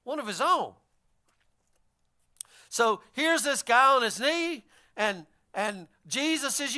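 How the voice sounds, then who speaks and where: A man's voice: sits high, very animated, measured pace, sharp tone. A man preaching a sermon, retelling a story and acting out the voices of its figures. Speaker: pastor.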